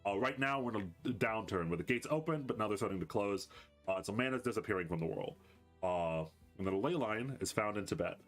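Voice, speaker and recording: A man's voice: on the low side, animated, brisk, faint music behind. A man acting as game master, loosely explaining the campaign world in a meandering, conversational way. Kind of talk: explaining a tabletop campaign setting.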